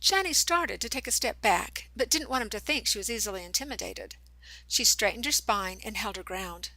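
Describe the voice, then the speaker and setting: A woman narrating a young adult novel as an audiobook, reading in an expressive storytelling manner. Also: medium pitch, moderate pace, dry recording, low-quality recording.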